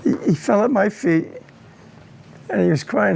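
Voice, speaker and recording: An older man, a war veteran, recounting a personal war memory in an interview, grave and halting, often repeating his words. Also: sits high, expressive, gravelly, a little mellow, a little hiss or hum.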